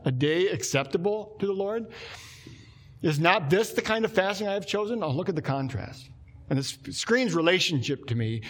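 A man preaching a sermon, animated and acting out quoted complaints in a lower voice. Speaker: pastor.

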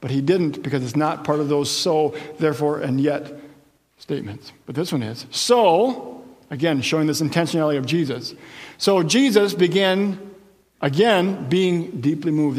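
A male pastor delivers a sermon in a slightly high voice, moving between storytelling and playful asides. His words ring out with a long reverb, as in a church hall. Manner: animated storytelling with asides and jokes.

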